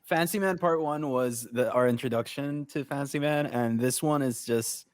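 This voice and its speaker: Man co-host for a casual podcast chat, relaxed, dry close sound. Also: medium pitch, normal speed, no echo.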